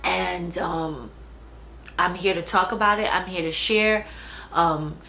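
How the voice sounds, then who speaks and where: A woman's voice: fairly low pitch, slow, gravelly, pushed and bright, soft background music, poor audio. A young adult woman talking casually about her own pregnancy, chatty, with fillers and restarts. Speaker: vlogger. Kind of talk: casual personal storytelling. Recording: faint background noise.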